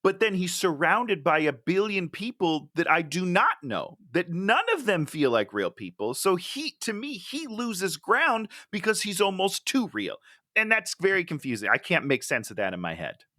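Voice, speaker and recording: A woman's voice: on the low side, sing-song, normal speed, a bit bright, dry recording, studio quality. A woman co-hosting a podcast, reacting emphatically in casual movie review chat. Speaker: podcast co-host.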